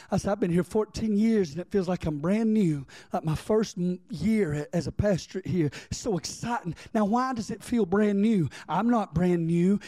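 A man's voice: high voice, mellow, no room sound. A man preaching a sermon as pastor, reading scripture and calling on the congregation to respond.

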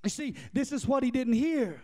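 High-pitched man preaching a fiery sermon. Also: expressive, moderate pace. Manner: impassioned, rhythmic repetition, bursts into shouting; speaks directly to the congregation.

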